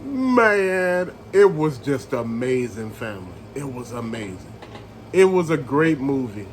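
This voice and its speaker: A man reviewing a movie in a casual rant, retelling scenes with animated storytelling and calling his viewers family. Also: mid-range voice, a little slow, slight background noise, rough recording.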